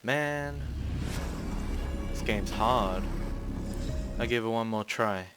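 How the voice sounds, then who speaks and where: A gaming channel host with a lowish voice speaks slowly, with long pauses, while playing a horror game in casual let's-play style. He's chatty, swears often and yelps loudly when startled, and the poor audio carries faint music and clear background noise.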